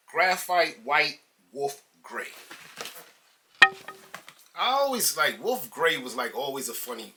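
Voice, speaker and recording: A man's voice: medium pitch, pushed and bright, a little hiss or hum. A man from New York doing a laid-back, slangy sneaker unboxing review and calling his viewers guys and man.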